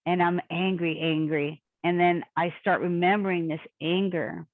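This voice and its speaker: A woman telling a story with lively energy, jumping into other people's voices as she goes. Her voice comes over a thin, phone-like line with no room sound around it, like a video call. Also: on the low side, moderate pace, no room sound. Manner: animated storyteller, acts out quoted voices. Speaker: guest. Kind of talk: casual storytelling interview. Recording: tinny phone-like call audio, dry.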